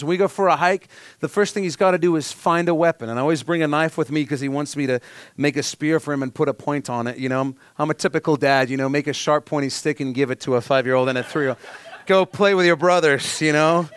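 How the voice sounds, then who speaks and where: A man in his thirties preaching a sermon, earnest and heartfelt, telling a personal story and dropping softly at emotional moments. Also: on the high side, smooth, no room sound. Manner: earnest, heartfelt storytelling with sudden soft drops. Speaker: pastor.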